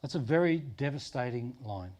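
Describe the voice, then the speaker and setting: A middle-aged Australian pastor preaching a sermon in a conversational way, dropping to soft low tones for emphasis. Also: male voice, animated, normal speed. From Sydney, Australia.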